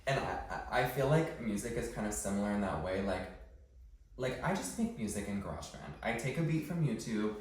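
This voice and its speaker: A man co-hosting a podcast, chatting in a relaxed, joking way. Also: fairly low pitch, fairly quick. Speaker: podcast co-host. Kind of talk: casual chat. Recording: echoey room, mic at a distance.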